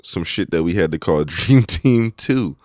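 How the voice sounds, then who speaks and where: Deep-voiced laid-back man joking around. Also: animated, measured pace, a little mellow, no echo, studio quality. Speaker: podcast co-host. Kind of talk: casual chat.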